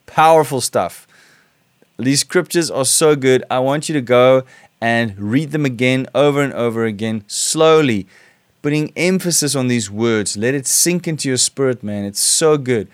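Man preaching, slow scripture reading. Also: mid-range voice, no room sound, clean studio sound. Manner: reads scripture slowly with rising emphasis, then chats warmly. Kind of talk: sermon.

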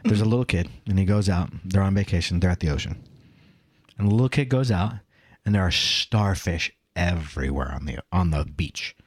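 This middle-aged podcast co-host has a deep, husky voice and talks a little fast. In relaxed conversation he tells stories animatedly and rants with emphasis.

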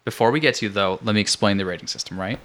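A man's voice: fairly low pitch, racing, a bit bright. A young man hosting a casual game podcast, rambling with many fillers and frequent laughs. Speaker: podcast host. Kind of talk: casual chat.

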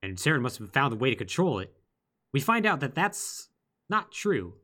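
Animated man recapping a game. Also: mid-range voice. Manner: animated, lively storytelling with quick asides. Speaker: podcast co-host. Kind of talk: casual chat recapping a video game.

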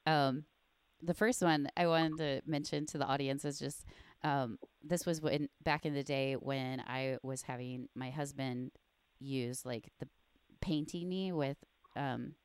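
Low-voiced woman hosting a chat. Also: steady tone, a little slow, smooth, dry recording. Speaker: podcast host, bodybuilding coach. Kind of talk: casual podcast chat.

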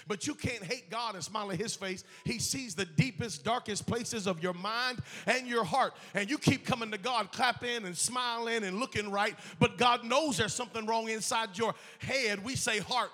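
Pastor guy preaching, really high voice, bright and tense, big church echo. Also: moderate pace, hardly any pauses. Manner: passionate, emphatic preaching with repetition. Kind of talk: sermon. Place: church sanctuary. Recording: echoey church hall.

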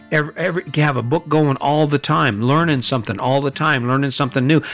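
A man's voice: mid-range voice, fairly bright tone. A middle-aged man hosting a podcast, giving a blunt motivational monologue full of rhetorical questions and swearing. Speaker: podcast host.

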